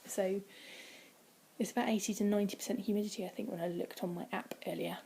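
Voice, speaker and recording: A woman chatting casually from home in a vlog, rambling with many ums and dropping into quiet, breathy asides. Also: medium pitch, steady tone, quick pace, slight background noise. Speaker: vlogger. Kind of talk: casual weight-loss vlog. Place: indoors at home, by a window.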